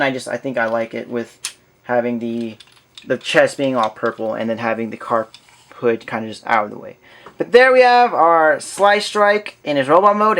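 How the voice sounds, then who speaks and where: A man's voice: mid-range voice, a bit bright. A man giving a casual hands-on toy review, rambling and thinking aloud as he goes.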